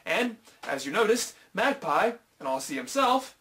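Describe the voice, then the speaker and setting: A man's voice: high-pitched, very animated, measured pace, pushed and bright, a little hiss or hum. An American man hosting a comedic film review, joking in a sarcastic, self-mocking way. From United States.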